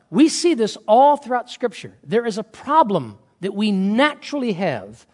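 A middle-aged male pastor delivers an animated sermon, acting out stories and swinging from loud to hushed. His voice sits high for a man. The sound carries a long reverb, like a large sanctuary.

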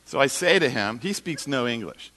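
Animated male preacher telling a story. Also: medium pitch, normal speed. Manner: animated, self-mocking storytelling. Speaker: guest preacher. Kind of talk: sermon with storytelling. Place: church.

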